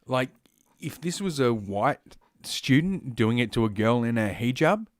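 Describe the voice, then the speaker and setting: A man's voice: medium pitch, expressive, a little slow, dry recording, studio quality. Rambling, sarcastic Australian man. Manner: rambling, profane, sarcastic, with frequent fillers and asides. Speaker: podcast host. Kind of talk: solo commentary reading news stories.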